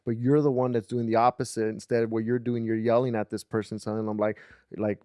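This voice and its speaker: A man's voice: mid-range voice, flat delivery, fast, a little mellow, clear, resonant tone, no echo, clean studio sound. A man co-hosting a casual podcast, asking probing, teasing questions. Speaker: podcast co-host. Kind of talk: casual chat. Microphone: podcast studio mic.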